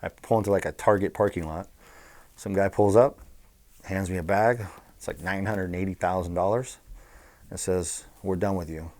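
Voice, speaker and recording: A man's voice: low voice, moderate pace. Blunt, profane middle-aged man. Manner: blunt, profane, animated storyteller. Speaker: interview guest, former bookmaker. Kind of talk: casual storytelling.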